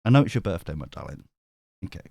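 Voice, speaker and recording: Male stream host, casual and chatty, bouncy pitch, dry close sound, laughs and swears freely. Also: big pitch swings, fast talker, creaky, a little mellow, dry recording. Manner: chatty, laughs often, swears, reads chat aloud. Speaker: tarot reader and stream host. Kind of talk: casual live-stream chat.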